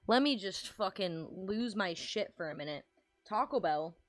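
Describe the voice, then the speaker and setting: A woman's voice: lowish voice, unhurried, dry recording, faint music behind. A woman streamer in casual livestream chat, ranting and rambling with lots of swearing.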